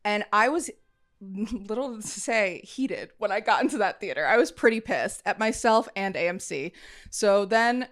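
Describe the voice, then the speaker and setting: Animated young woman telling a story. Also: medium pitch, unhurried. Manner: animated storytelling, swears freely. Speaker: podcast co-host. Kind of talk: casual chat.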